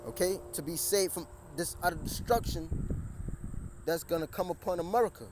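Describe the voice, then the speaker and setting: A man's voice: sits high, brisk. A man preaching and reading scripture outdoors by a street, often restarting his words and raising his voice over the traffic. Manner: repetitive, stumbling restarts, raises voice over traffic. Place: outdoors beside a busy street. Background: passing cars.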